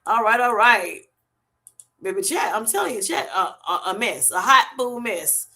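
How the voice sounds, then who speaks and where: A woman's voice: fairly high pitch, lively intonation, normal speed, sharp tone. A woman hosting a casual livestream, reading viewer comments aloud, laughing often and calling people honey and baby. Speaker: livestream host reading chat. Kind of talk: casual live chat.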